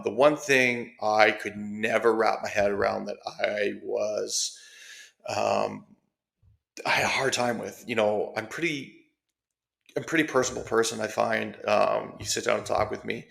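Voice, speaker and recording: A man's voice: fairly low pitch, gravelly, fairly bright tone. A man hosting a solo podcast, talking casually with lots of fillers and restarts. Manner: rambling, friendly, many fillers and restarts. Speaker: podcast host, mortgage agent.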